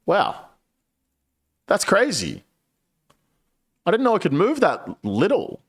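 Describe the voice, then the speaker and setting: A man's voice: sits high, slow, slightly rough. A young man telling a sweary story while streaming a game. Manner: sweary, animated, lively storyteller. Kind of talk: casual storytelling while gaming.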